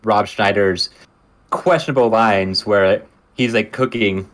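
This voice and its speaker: Low-voiced male co-host, easygoing, short agreeing replies. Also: takes it slowly, fairly bright tone. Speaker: podcast co-host reviewing a film. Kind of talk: casual chat.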